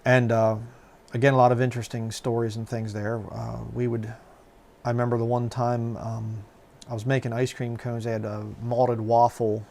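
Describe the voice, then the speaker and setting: Man, middle-aged, gravelly, rambling casual storytelling, lots of fillers. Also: medium pitch, flat delivery, normal speed, a little mellow. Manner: rambling, many fillers and restarts. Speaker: channel host.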